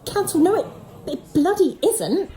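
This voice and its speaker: Flustered pregnant actress. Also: female voice, extremely high pitch, sing-song, moderate pace, mellow. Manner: exasperated, swearing, breathless. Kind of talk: comic radio sitcom acting.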